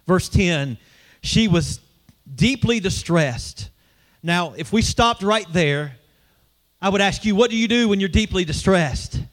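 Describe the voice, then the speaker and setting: High-voiced man preaching a sermon. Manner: conversational preaching, asks the congregation questions. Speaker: pastor. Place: church.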